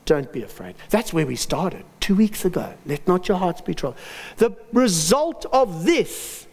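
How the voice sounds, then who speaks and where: A man preaching a sermon, telling personal stories with dramatic pauses and lively emphasis. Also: sits high, long reverb tail.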